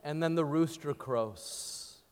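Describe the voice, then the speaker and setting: A man's voice: a little high, slow pace, darkish tone, clear, resonant tone, big-room sound. A man preaching a sermon, telling the story with dramatic, acted-out dialogue. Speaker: pastor.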